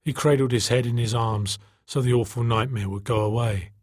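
A man reading a novel aloud in steady, measured narration. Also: medium pitch, no echo, clean studio sound. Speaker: audiobook narrator. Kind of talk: scripted narration.

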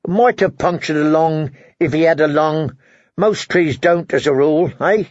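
A man's voice: on the high side, normal speed, darkish tone, no room sound, muffled recording, close to an everyday voice. A man doing a glum, mournful watchman. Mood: glum, teasing. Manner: mournful, ends lines with "eh?". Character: gloomy dour man of the watch.

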